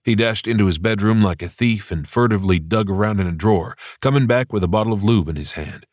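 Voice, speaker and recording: Male audiobook narrator, deep low voice, dry close studio sound, even first-person telling. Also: fast talker, no echo.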